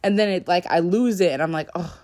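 A woman's voice: fairly low pitch, fast, darkish tone. A young woman vlogging to her viewers in a casual, rambling way, full of fillers, sleepy and yawning. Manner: chatty, rambling, lots of "like" fillers. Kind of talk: casual talk to camera.

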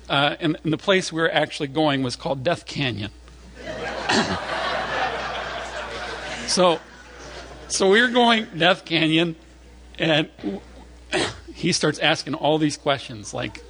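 A man preaching a sermon through an animated personal story, acting out voices along the way, chatty and full of fillers and restarts. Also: a little high, measured pace, long pauses. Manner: animated, acts out voices in stories. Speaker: pastor.

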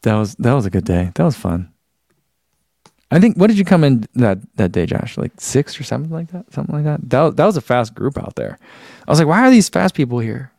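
A man hosting a casual live stream, rambling and laughing at himself as he reads out viewer comments. His voice has a gravelly, creaky edge and sits at an ordinary pitch. The sound is dry and close, with no room echo. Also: very animated, brisk, warm tone. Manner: rambling, self-deprecating, laughs often.

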